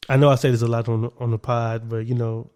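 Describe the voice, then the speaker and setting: A young man with a drawl talks through a relaxed podcast conversation, lively and quick to laugh. He speaks at an ordinary middle pitch and keeps breaking into bits of his own inner self-talk. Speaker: podcast co-host. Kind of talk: casual chat.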